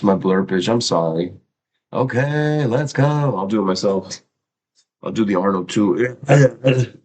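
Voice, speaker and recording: A man's voice: low-pitched, low-quality recording. A middle-aged man hosting a casual livestream, chatting loosely and teaching an art lesson on mindfulness, swearing now and then.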